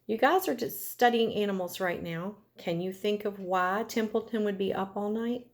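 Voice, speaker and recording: Woman, teacher, reading a chapter book aloud to children, gentle, asks questions. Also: mid-range voice, normal speed. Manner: gentle, stops to ask the class questions.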